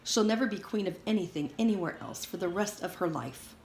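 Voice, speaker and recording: A woman's voice: on the low side, expressive, fairly quick, a little mellow. A woman reading aloud as a smug, scheming teenage boy who talks insistently. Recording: roomy echo, faint hiss.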